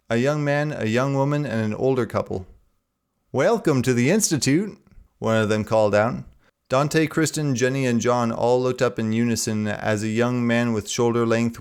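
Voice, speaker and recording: A man reading a novel aloud in a steady, even narration. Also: medium pitch, clean tone.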